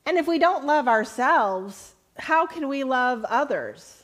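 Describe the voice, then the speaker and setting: A woman pastor delivering a sermon at an unhurried, measured pace, with a voice that sits a little on the high side. She quotes scripture slowly and deliberately and rises into earnest, emphatic questions for her listeners. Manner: earnest preaching, rising to lively emphatic questions; slow, deliberate quoting of scripture.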